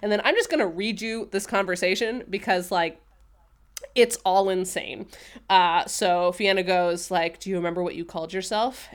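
A woman's voice: mid-range voice, fairly bright tone. A woman co-hosting a podcast, chatting casually, filling her talk with "like" and laughing easily. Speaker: podcast co-host recapping a TV show. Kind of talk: casual chat.

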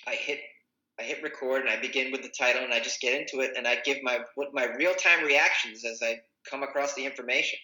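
A comedian chatting casually, rambling and correcting himself mid-sentence. His voice is very bright and sharp. The room gives it a clear echo. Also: mid-range voice, fairly even intonation, quick pace. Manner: rambling, self-correcting, many fillers. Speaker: comedian and podcaster. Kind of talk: casual conversation.

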